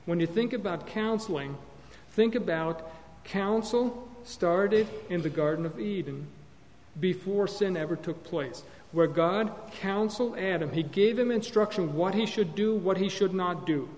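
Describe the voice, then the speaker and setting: High-voiced man teaching in a reverberant hall. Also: measured pace, a little mellow. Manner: earnest teaching, with repeated words and self-corrections. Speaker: Bible teacher on counseling. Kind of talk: classroom-style sermon lecture. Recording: long hall reverb with faint hum.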